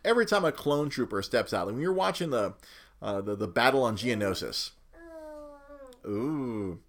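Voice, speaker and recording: A man hosting a casual talk show in a loose, rambling way. He stops to restart sentences and chuckles as he goes, in an animated voice of middling pitch. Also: moderate pace. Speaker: podcast host.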